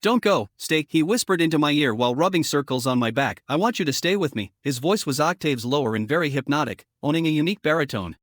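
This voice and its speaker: Male narrator, slightly high voice, dry close-miked sound, steady audiobook reading. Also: no echo. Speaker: story narrator. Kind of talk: scripted first-person audiobook narration.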